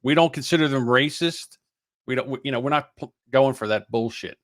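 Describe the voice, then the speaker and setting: An older man co-hosting a podcast in casual, swearing, animated chat. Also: mid-range voice, no room sound, studio quality. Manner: animated, swearing, quick to laugh. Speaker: podcast co-host.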